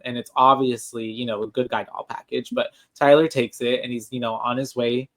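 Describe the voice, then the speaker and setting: A man's voice: mid-range voice, flat delivery, brisk, few pauses, a bit bright. A man co-hosting a podcast, chatting casually and rambling through a film recap with lots of fillers. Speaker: podcast co-host. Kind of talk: casual chat.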